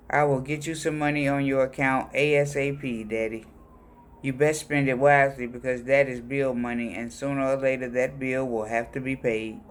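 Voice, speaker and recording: Man reading personal letters aloud. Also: medium pitch. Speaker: reader of letters.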